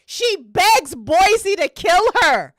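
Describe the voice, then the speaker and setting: A woman's voice: extremely high pitch, sing-song, extremely slow, fairly bright tone, no echo, clean studio sound. A woman hosting a casual livestream, reading game events aloud and reacting with frequent laughter and swearing.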